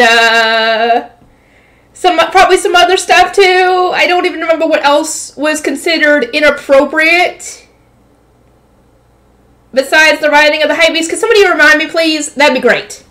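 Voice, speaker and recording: A woman reads a light novel aloud for her channel in a high voice. She keeps stopping to react to the story with exclamations, groans and quick comments. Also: fairly bright tone, low-quality recording.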